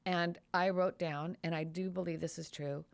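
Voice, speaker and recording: A woman hosting a podcast and lawyer who tells a courtroom story in an animated, storytelling way. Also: fairly low pitch, normal speed, vocal fry. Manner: animated, storytelling, reenacts quotes. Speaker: podcast host and trial lawyer. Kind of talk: casual podcast conversation.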